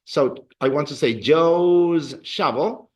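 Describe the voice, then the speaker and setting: A man's voice: fairly high pitch, slow pace, a little mellow. A man teaching a beginner Spanish class, patiently repeating words for drills and encouraging his students. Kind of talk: classroom language lesson.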